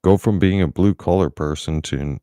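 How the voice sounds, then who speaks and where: A man's voice: sits low, moderate pace, warm tone, dry recording, clean studio sound. A middle-aged man telling a story in a blunt, profane, angry way, as a casual vlogger.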